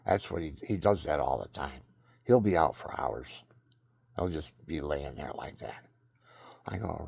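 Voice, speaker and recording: A man's voice: a bass voice, big pitch swings, moderate pace, vocal fry, pauses often, a little mellow, breathy edge, no echo, studio quality. An older man rambling through personal stories and religious advice, often restarting sentences and chuckling at himself. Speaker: vlogger telling personal stories.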